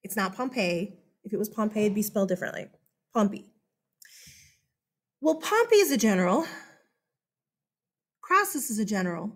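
In a mid-range voice with a slight lisp, a woman teaches a history lesson at a moderate pace, leaving long pauses. She keeps it chatty and animated, regularly asking "okay?" to check in.

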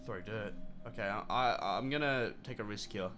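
A man's voice: lowish voice, moderate pace. A man, streaming a horror game live and reacting chattily with lots of swearing. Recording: game music loud behind voice.

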